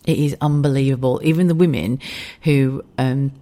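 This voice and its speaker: A woman in her forties hosting a podcast, chatting frankly and swearing freely while keeping her voice hushed in her kitchen at home. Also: rumbling low, fairly even intonation, normal speed. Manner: hushed, speaking softly so as not to wake a child. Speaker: podcast host. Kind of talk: casual chat.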